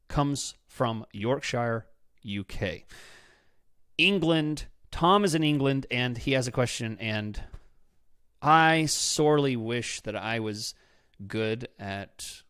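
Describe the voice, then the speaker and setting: A man's voice: medium pitch, a bit bright, no room sound, studio quality. A man hosting a podcast from his office, talking in a chatty, enthusiastic and self-deprecating way. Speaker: podcast host. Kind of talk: casual podcast talk with ad read.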